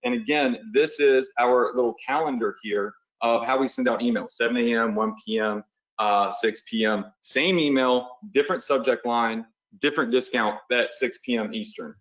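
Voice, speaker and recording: Hosting a live webinar, an online business coach talks in a laid-back, pushy, motivational manner and keeps checking in with the audience. His voice sits in the mid range, and the recording quality is lo-fi.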